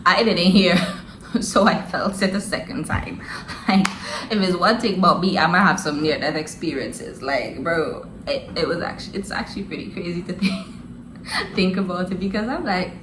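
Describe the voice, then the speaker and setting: A woman's voice: lowish voice, a bit bright. Laughing young woman telling a story. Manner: laughing often, slangy, addresses viewers as y'all. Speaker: vlogger. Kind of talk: casual storytime. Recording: roomy echo, faint noise.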